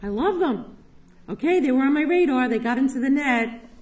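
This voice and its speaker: An enthusiastic woman gives an inspirational church talk, telling stories with laughs along the way. Her voice is mellow and warm, and it is picked up from a distance in a roomy, echoey hall. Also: high voice, expressive, moderate pace. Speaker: parish ministry speaker.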